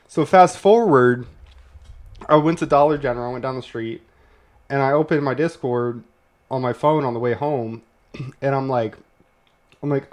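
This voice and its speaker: A man's voice: medium pitch, moderate pace. A man streaming live, telling a story in casual chat, rambling and swearing, often laughing as he talks.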